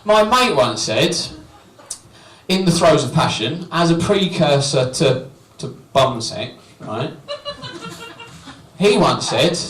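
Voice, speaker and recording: A man's voice: fairly high pitch, very animated, takes it slowly, background noise. A young man doing a stand-up comedy set, cheeky and self-mocking, chatting with the crowd. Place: small comedy venue with live audience. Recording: roomy, distant, crowd laughter. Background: audience laughing and cheering.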